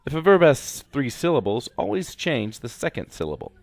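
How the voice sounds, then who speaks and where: A man's voice: medium pitch, sing-song, moderate pace, creaky, dry recording. A man teaching a grammar lesson slide by slide, speaking instructively and repeating directions to students. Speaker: Spanish teacher.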